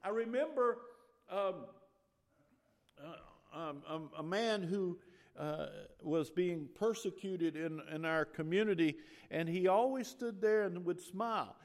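A middle-aged man preaching a sermon in a church, his voice climbing and growing loud on key points, with many restarts and fillers. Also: high-pitched, takes it slowly. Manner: animated, rising loud on emphasis, restarts and fillers.

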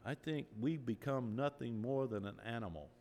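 Earnest older preacher in a big hall. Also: male voice, mid-range voice, normal speed, darkish tone. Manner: earnest, rising to emphatic bursts. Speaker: pastor. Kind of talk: sermon.

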